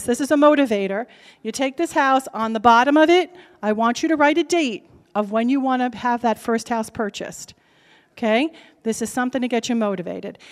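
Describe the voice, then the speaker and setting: A woman with a New Jersey accent, a lender giving a lively, direct seminar talk to a convention crowd and checking in with the audience as she goes. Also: sits high, big-room sound. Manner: brassy, direct, keeps checking in with "okay?". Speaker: lender speaking at a real estate convention. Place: large convention hall.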